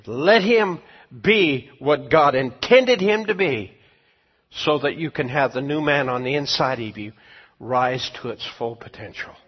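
A man preaching a sermon as pastor and teacher, speaking emphatically and swinging between quiet and loud passages. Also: mid-range voice, expressive, unhurried, husky. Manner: emphatic preaching, rising and falling in volume. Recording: dull lo-fi sound with long hall reverb.

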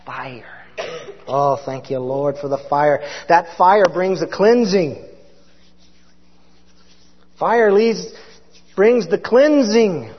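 High-voiced impassioned male preacher in a hall. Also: expressive, drawn-out words, pauses often, slightly rough. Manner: impassioned, swings from loud to hushed. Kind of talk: sermon. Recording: dull, reverberant hall sound.

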